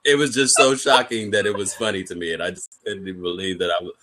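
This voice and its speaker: A man co-hosts a casual podcast, his voice bright and forceful and set a little low. He talks in an animated way, often breaking into laughter and acting out moments from the show. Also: fast talker. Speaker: podcast co-host. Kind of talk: casual chat recapping a TV episode.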